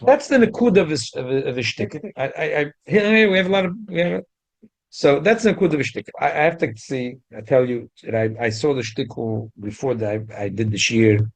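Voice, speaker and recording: A man's voice: medium pitch, brisk. A man teaching a Talmud class, with stumbling restarts and sudden emphatic rises. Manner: frequent stumbling restarts, rising emphatic jumps. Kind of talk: Talmud lesson.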